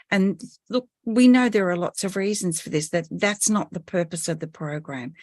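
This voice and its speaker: A woman's voice: on the low side, no echo. A woman hosting a radio talk show, chatting in a friendly way as she presents the program. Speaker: radio host. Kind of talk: casual radio chat.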